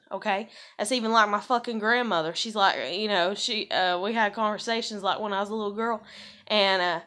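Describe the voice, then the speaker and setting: A woman's voice: medium pitch, fairly bright tone. A woman talking in a casual vlog, rambling and profane, with lots of "like" and "you know.". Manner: heavy use of fillers "like" and "you know". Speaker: vlogger.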